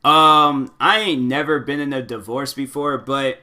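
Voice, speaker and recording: A man's voice: mid-range voice, steady tone, unhurried, few pauses, bright, forceful tone. A young man hosting a casual talk show, reading advice posts aloud and rambling through them in loose slang with lots of fillers. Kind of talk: casual chat.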